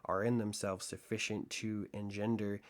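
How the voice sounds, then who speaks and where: A detached, methodical gentleman sleuth, as a man reads him lays out his reasoning in a calm, lecturing manner. The voice sits low and even, a storybook detective thinking aloud. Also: close to an everyday voice. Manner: measured, lecturing deductive reasoning. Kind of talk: audiobook reading of classic fiction.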